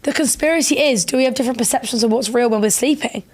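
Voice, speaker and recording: A young woman co-hosting a podcast, telling stories in an animated, fast casual chat. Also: on the high side. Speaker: podcast co-host.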